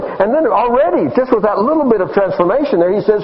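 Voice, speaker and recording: A man, a pastor preaching a sermon with animated, emphatic delivery. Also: high voice, a little fast, hardly any pauses, dull audio.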